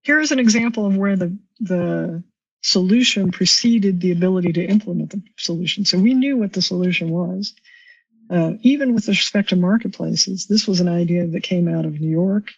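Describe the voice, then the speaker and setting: A woman's voice: fairly low pitch, normal speed, vocal fry, breathy edge, no echo. A woman guest on a podcast, explaining policy at length and in a thoughtful way. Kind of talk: explanatory interview talk. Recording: distant, slightly dull remote recording.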